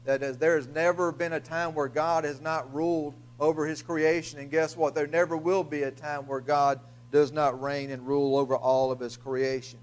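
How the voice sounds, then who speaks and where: A man preaching a sermon as pastor, halting and repeating his words with frequent fillers. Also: fairly high pitch, level tone. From Louisiana, US. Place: church sanctuary.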